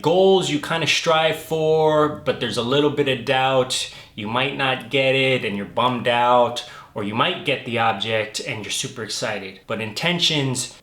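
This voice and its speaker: An enthusiastic man chats to camera in a loose, easy way, leaning on "like" as he talks. His voice sits at an ordinary middle pitch. The room around him is noticeably echoey. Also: measured pace, a bit bright. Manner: enthusiastic, loose and chatty, heavy on "like". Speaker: vlogger. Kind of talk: casual chat to camera. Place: lives in London.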